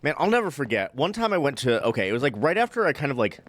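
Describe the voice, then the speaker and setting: A man's voice: medium pitch, big pitch swings, very fast, a bit bright, a little hiss or hum. A young man rambling through casual stories while streaming a game, laughing often, with many fillers. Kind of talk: casual let's-play chat.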